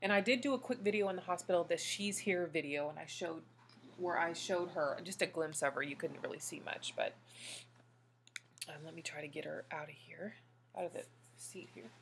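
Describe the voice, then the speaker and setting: A woman's voice: low-pitched, fairly quick, creaky, a little hiss or hum. A woman vlogger and new mother talking casually to her viewers, gushing and emotional.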